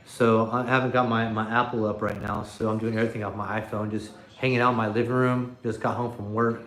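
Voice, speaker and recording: A man's voice: on the low side, flat delivery, brisk, fairly bright tone. Man rambling live into his phone. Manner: rambling, chuckling, off-the-cuff. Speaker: livestream host. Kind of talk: casual livestream chat reading comments. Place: his living room. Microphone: iPhone. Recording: roomy living room echo on phone.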